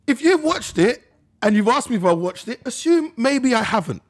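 A man chatting casually, animated and laughing often, heavy on slang. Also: very high voice, normal speed. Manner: animated storytelling, laughs a lot, London slang. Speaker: teacher, podcast co-host. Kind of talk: casual chat.

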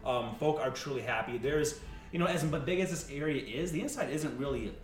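A man narrating as game master of a tabletop game, telling the scene in an animated, storytelling way. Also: on the high side, a little fast, distant mic. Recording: echoey room from off-mic, music behind.

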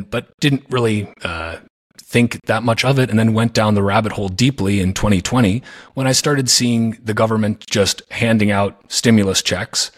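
Husky, low-voiced earnest male host. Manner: earnest and reflective, with frequent restarts. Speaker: podcast host. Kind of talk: casual podcast conversation.

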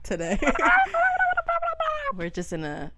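A young woman co-hosting a podcast, giggly and expressive in casual chat. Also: medium pitch, drawn-out words, very noisy. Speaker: podcast co-host.

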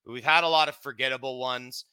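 A man's voice: medium pitch, fairly even intonation, fairly quick, pushed and bright, clear, resonant tone, no room sound. A Canadian man co-hosting a sports podcast in easygoing chat, rambling and restarting his sentences. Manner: rambling, self-interrupting, chummy. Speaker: podcast co-host.

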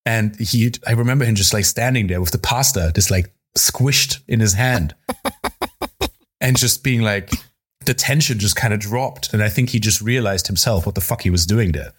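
A man's voice: lowish voice, moderate pace, breathy edge. A man, a chef and podcast co-host, telling a story in casual chat, often laughing and swearing casually.

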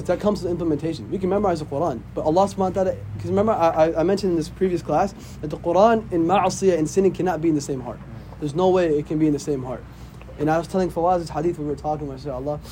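A man's voice: on the high side, warm tone, a little hiss or hum. A man, an imam, teaching a casual religious class, often checking in with "right?". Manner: conversational, often asks "right?".

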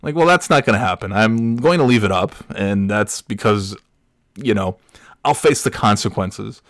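A man in his forties with a low voice tells stories at a loose, rambling pace, doubling back on his words and breaking into laughter. He sounds close and dry, with no echo at all. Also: normal speed. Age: 40s. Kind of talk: casual storytelling monologue.

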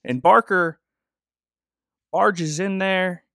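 A man's voice: sits high, very slow, vocal fry, fairly bright tone, no echo, studio quality. A man casually recapping a TV episode with joking, rambling asides. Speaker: podcast host.

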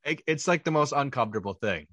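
A man's voice: mid-range voice, lively intonation, fast, fairly bright tone, no room sound. A young adult man co-hosting a comedy podcast, making wry observations and asking his co-host questions. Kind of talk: casual comedic chat. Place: New York area.

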